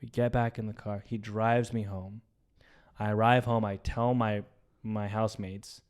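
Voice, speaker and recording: Speaking at a measured pace in a clear, resonant, lowish voice, a young podcast co-host recounts a story. His retelling is animated and casual, with acted-out voices for the people in it and some swearing.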